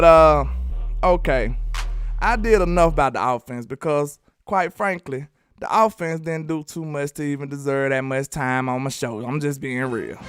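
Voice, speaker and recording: A man from Alabama with a Southern accent giving animated, slangy football commentary, talking straight to his viewers. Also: fairly high pitch. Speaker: sports commentary host. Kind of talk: casual sports commentary vlog.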